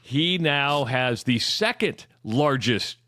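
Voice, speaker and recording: A man co-hosting a sports talk radio show, laying out facts and figures in a measured way with some stumbling restarts. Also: medium pitch, lively intonation, pushed and bright, dry recording, studio quality.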